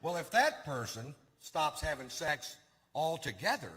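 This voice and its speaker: A man's voice: on the high side, sing-song, unhurried, background noise. A male stand-up comedian telling stories in a laid-back, drawling way to a live audience. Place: theater stage before a live audience. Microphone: stage microphone. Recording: live hall with long reverb and faint ambience.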